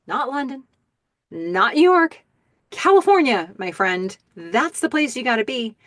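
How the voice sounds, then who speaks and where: A woman's voice: fairly high pitch, very animated, unhurried, no room sound, voice pushed up. A woman voicing a confident male music manager who talks in an emphatic, salesman-like way, with a dry close sound. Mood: boastful.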